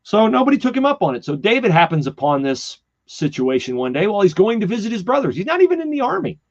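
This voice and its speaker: A man's voice: sits high, fast talker. A man hosting a podcast, talking casually and animatedly as he retells a Bible story. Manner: animated storyteller who slips into character voices. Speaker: podcast host. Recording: slightly dull lo-fi podcast audio.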